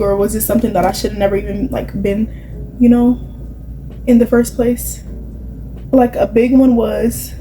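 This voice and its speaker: On a low-quality recording with a little hiss or hum, a young vlogger talks through her makeup in a chatty, confiding way, full of "like" and "you know". Her voice is warm and on the high side.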